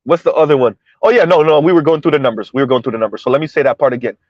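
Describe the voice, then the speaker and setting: A man's voice: on the high side, very fast, no echo, highs cut off. Chatty man talking while driving. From South Florida. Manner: chatty, talks to viewers, repeats himself, laughs often. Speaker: commentary vlogger. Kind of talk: casual commentary while driving. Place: in a car driving through floodwater.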